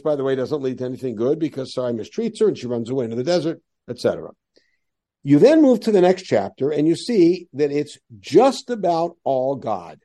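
Animated man teaching a Bible class. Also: medium pitch. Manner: animated lecturer voicing quoted lines. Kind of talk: classroom lecture.

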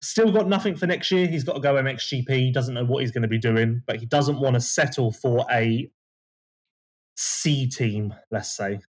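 A man co-hosting a casual podcast, giving animated, opinionated race analysis. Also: medium pitch, moderate pace, husky. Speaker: podcast co-host. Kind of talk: casual motocross chat.

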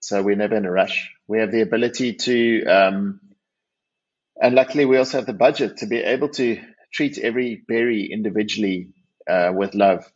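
On dull lo-fi audio, a husky, low-leaning male voice talks briskly. He's a winery managing partner from South Africa, appearing as a radio interview guest who keeps restarting and makes self-deprecating jokes.

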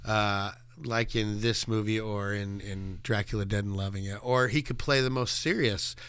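A man's voice: fairly low pitch, steady tone, normal speed, a bit bright, smooth, dry recording. A man co-hosting a movie podcast, chatting casually and animatedly, laughing and acting out quotes. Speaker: podcast co-host.

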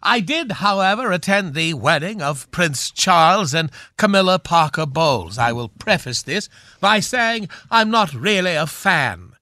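Actor playing a haughty aging matinee swordsman, high voice, slow, bright and grand. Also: expressive, dry recording, clean studio sound, exaggerated voice. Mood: pompous. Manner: grand, theatrical, drawn-out delivery. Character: pompous aging knighted male film swashbuckler. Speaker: guest. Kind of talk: radio comedy character bit.

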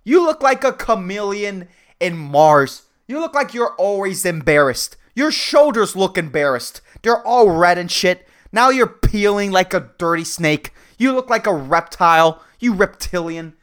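A man's voice: high voice, sing-song, a little slow, hardly any pauses, a bit bright, clear, resonant tone. A man hosting a solo comedy podcast, ranting in a profane, rambling way and laughing at his own jokes. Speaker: podcast host.

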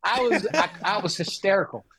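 A man telling a funny story in an animated way as a guest on a casual chat, speaking over a video call. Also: high-pitched, fairly quick, crowd noise. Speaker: guest, professional golfer.

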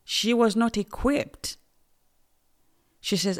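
A woman from Uganda giving an earnest personal testimony as a guest, emphatic and dropping to soft near-whispers at intense moments. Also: fairly low pitch, moderate pace, vocal fry.

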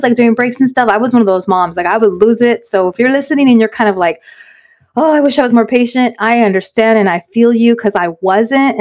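A middle-aged woman talks at a brisk clip, co-hosting a casual podcast and telling candid stories. Her voice sits a little high, and Spanish words slip into her talk. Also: a little mellow. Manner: fast, candid storytelling that mixes in Spanish words. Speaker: podcast co-host.

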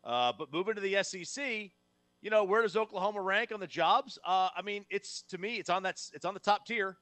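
A man from New Jersey co-hosting a casual sports talk show, emphatic and quick to restart his sentences. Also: high-pitched, sharp tone, no echo. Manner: emphatic, repeats words when starting sentences. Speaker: sports radio co-host.

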